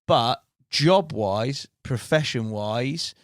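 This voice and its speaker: A man's voice: medium pitch, extremely slow, dry recording, studio quality. A man hosting a podcast, asking easygoing questions and calling his guest mate. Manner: relaxed, says mate, short prompts. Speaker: podcast host. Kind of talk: casual interview chat.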